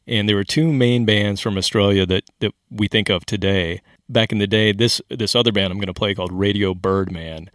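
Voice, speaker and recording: A man hosting a podcast, chatting casually and explaining music history in a relaxed way. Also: on the low side, dry recording, studio quality. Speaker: podcast host. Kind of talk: casual chat about music.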